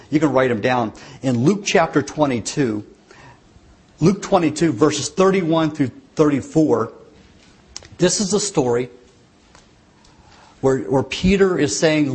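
A man's voice: a little high, lively intonation, moderate pace, a little mellow, slightly rough. A man preaching a sermon, telling the story earnestly and dramatically, with changing emphasis.

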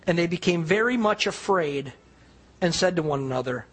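Husky high-voiced male preacher. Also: animated, moderate pace. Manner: storytelling, drops to a hush for quiet lines. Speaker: pastor. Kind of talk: sermon.

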